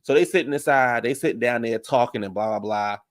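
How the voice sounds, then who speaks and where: A man casually recapping reality TV drama in an animated, profane storytelling manner, jumping up high when he quotes the women. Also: a little fast. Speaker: reality TV commentator.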